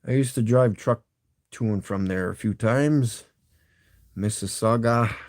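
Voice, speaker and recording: A man's voice: on the low side, a little slow, dry recording, clean studio sound. A middle-aged man with a Canadian accent, rambling and chuckling as he chats casually with his live-stream viewers. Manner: rambling, chuckling, talks to chat.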